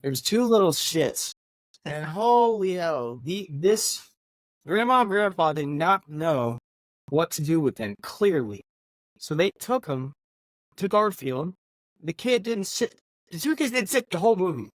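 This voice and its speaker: A man's voice: sits high, sing-song, a little slow, dry recording. A man co-hosting a casual movie review podcast, talking animatedly and swearing as he retells scenes. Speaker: podcast co-host.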